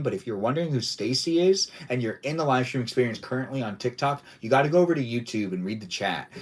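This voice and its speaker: This livestream host has a mid-range voice, with slight noise in the background. In his casual stream he rambles playfully, repeats his own phrases, and chats with viewers and guests.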